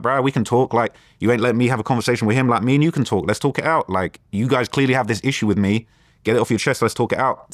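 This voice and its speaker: A man with a London accent, an interview guest, retelling a tense encounter in a rambling, animated way. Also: mid-range voice, no echo, clean studio sound. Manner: rambling, animated retelling with quoted back-and-forth. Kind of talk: casual storytelling interview.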